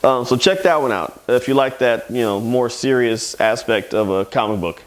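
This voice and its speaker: A man's voice: medium pitch, normal speed. A man who owns a comic shop and hosts a casual review show, loosely retelling comic plots. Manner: loose, rambling plot retelling. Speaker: comic shop owner and host.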